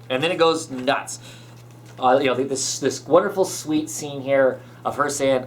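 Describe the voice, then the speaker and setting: Recapping a comic on his podcast, this man speaks at a moderate pace in a fairly high voice with lively intonation, plus a little hiss or hum. His casual chat rambles along with many fillers and restarts.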